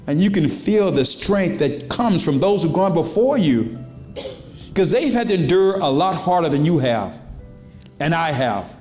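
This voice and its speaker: A man preaching to his congregation, his fairly high voice dropping low for emphasis and leaping up for exclamations. The sound carries the echo of a roomy church sanctuary. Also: lively intonation, a little slow, a little mellow, soft background music. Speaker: pastor. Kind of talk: sermon.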